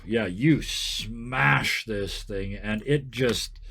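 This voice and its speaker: A man serves as game master, narrating a tabletop fight in a relaxed, joking tone. His voice sits at a middling pitch, and he sniffs now and then between phrases. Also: drawn-out words, creaky, a little hiss or hum.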